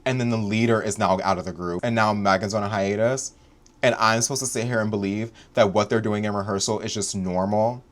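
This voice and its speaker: Exasperated man ranting on camera. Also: medium pitch. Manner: exasperated, repeats phrases for emphasis. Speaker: YouTube pop-culture commentator. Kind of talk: emotional commentary rant.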